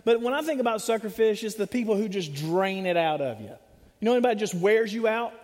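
High-voiced preacher in a reverberant church. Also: male voice, a little fast. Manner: animated, humorous, acts out voices of others. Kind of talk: sermon. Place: church sanctuary. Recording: long hall reverb.

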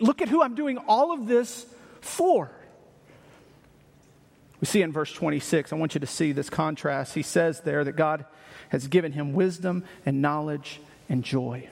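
A man with a high voice preaches in an animated, emphatic way, repeating himself and throwing out rhetorical questions. His voice rings out with a long reverb, as if from a large hall. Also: gravelly. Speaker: pastor. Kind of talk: sermon.

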